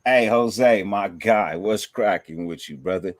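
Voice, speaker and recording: A relaxed man with a fairly low voice talks through his picks in easy slang, shouting out viewers by name. The sound is close and dry, with no room around him. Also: a little slow, dry recording. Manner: laid-back, slangy, reads viewer comments. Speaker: fan show host. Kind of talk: casual sports chat.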